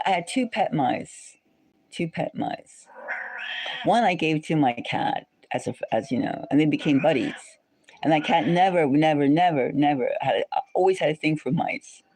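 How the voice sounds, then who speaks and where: A woman's voice: low-pitched, breathy edge. Rambly woman on a live stream, says stuff again and again, voice goes all over the place. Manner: rambling, repeats phrases, animated. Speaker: live stream host chatting with viewers. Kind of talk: casual live-stream chat.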